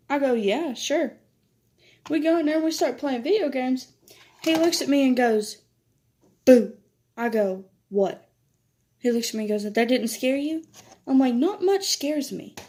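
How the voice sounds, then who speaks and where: A woman's voice: dark tone, slight background noise. A teenage girl chatting casually in a vlog, telling stories while doing her makeup. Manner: chatty, laughs often, quotes others in higher voice. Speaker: vlogger.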